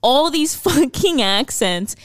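A woman's voice: high-pitched, very animated, slow pace, no echo, studio quality. A woman co-hosting a podcast in casual chat, laughing often and swearing freely. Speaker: podcast co-host.

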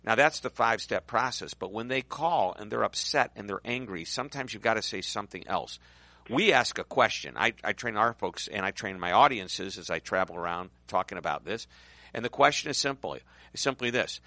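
A man's voice: lowish voice, expressive, brisk, bright, forceful tone, no echo. A middle-aged man hosting a business radio show, chatting and telling stories to his guest. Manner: storytelling, chatty, upbeat.

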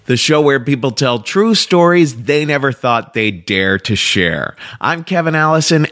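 A man opens his podcast with an upbeat, scripted introduction. His pitch swings widely as he announces the episode. His voice sits at a medium pitch. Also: a bit bright. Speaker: podcast host.

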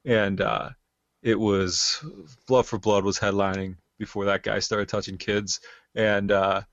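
Low-voiced man in his thirties, rambling. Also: fairly even intonation, measured pace, a bit bright, dry recording. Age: 30s. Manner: rambling storyteller, lots of fillers. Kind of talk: casual chat. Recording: dull lo-fi sound.

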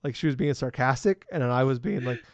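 A man co-hosting a casual podcast, self-deprecating and halting with many fillers. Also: medium pitch, no room sound, lo-fi sound. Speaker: podcast co-host.

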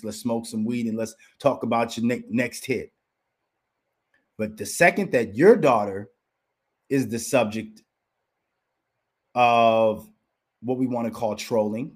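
A man's voice: mid-range voice, a little mellow, breathy edge. A man hosting a podcast, delivering a heated commentary rant full of rhetorical questions and repeating his rival's name for emphasis. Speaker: podcast host.

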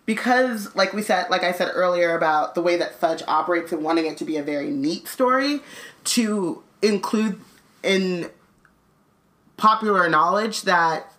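A woman's voice: on the low side, normal speed, a bit bright. A woman co-hosting a podcast, reading a book aloud and breaking off to chat casually. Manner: chatty, many "like" fillers, laughs often.

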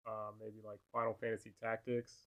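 A man's voice: lowish voice, monotone, fairly quick, a bit bright. A young man joining a casual gaming podcast, easygoing and a little hesitant as he starts his thoughts. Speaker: podcast guest. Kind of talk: casual chat.

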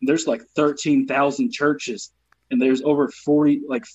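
A man with a Southern US accent, a comedian guest on a podcast, telling stories in an animated, profane way. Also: mid-range voice, a little slow, highs cut off, a little hiss or hum. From Southern United States. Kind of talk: casual podcast chat.

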